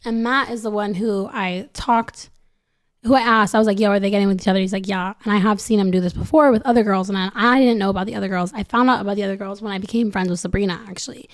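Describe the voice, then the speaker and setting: A woman's voice: medium pitch, steady tone, fast talker. A young woman, a podcast guest, telling a personal story in a casual, rambling way and filling nearly every phrase with "like.".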